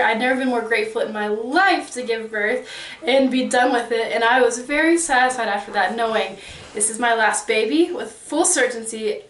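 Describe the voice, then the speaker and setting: A woman in her thirties telling a personal story in a casual, animated way, acting out quoted exchanges. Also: fairly high pitch. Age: 30s. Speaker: vlogger. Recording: roomy, mic at a distance.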